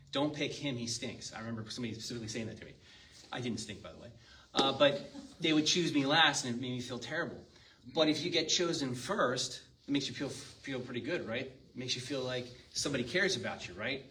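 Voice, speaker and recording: A man's voice: medium pitch, bright, forceful tone. Male pastor, conversational sermon delivery, heard from a distant mic over faint room noise. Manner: conversational, asks the congregation questions. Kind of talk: sermon with scripture reading.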